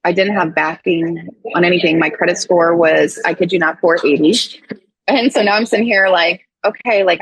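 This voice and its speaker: A woman in her thirties, a doctor sharing her story as a podcast guest, with a husky, slightly breathy voice. She talks candidly and animatedly, jumping into the voices of people she quotes. The sound is dry and close. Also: fairly low pitch, dry recording, poor audio. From St. Louis, USA. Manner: animated, acts out quoted dialogue with swearing and laughs.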